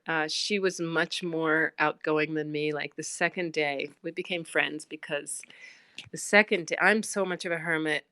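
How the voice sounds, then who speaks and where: A woman's voice: deep voice, sharp tone, smooth, dry recording, clean studio sound. A middle-aged woman telling a rambling personal story on a phone livestream, full of fillers and acted-out quotes. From United States. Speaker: livestream host.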